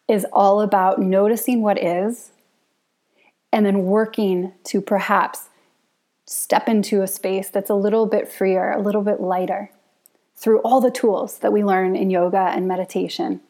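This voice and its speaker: A woman yoga and Ayurveda teacher giving a reflective talk in a gentle, unhurried way, laughing often as she speaks. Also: mid-range voice, steady tone.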